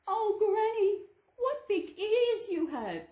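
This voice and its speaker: Little Red Riding Hood, put on by a woman in a high childlike voice. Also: sing-song, takes it slowly, mellow, heavily acted. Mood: wide-eyed. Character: little girl in a red hood, innocent and sweet. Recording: echoey room.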